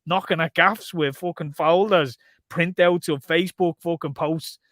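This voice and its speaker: A man's voice: a little high, normal speed, dry recording, studio quality. A man co-hosting a casual podcast, telling stories with lots of swearing and imitated voices. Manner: swearing, animated storytelling with mimicked voices. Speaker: podcast co-host. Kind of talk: casual chat.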